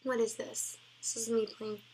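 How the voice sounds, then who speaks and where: Young woman, casual vlog chat, giggly, rambling, lots of "like", slightly high voice, faint background hiss. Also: flat delivery, normal speed. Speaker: cosplay vlogger. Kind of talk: casual chat reacting to old posts.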